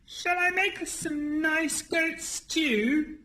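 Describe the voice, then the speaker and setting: A timid little male troll who stammers and speaks in a small, shaky voice, as a woman reading a storybook puts him on. His voice sits very high and sounds bright and thin, and he draws his words out very slowly. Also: reverberant, full character voice. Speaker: teacher reading aloud.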